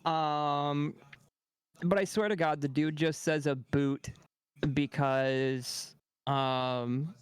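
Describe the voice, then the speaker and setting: A man's voice: on the high side, fairly even intonation, extremely slow, clear, resonant tone, dry recording. A Canadian man with a Canadian accent, ranting animatedly in casual chat on his stream and swearing freely.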